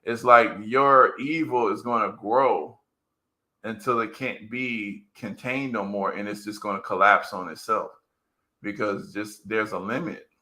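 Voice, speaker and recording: A man's voice: on the low side, steady tone, measured pace, sharp tone. A man talking in a casual, earnest commentary, rambling and repeating words as he works through his point.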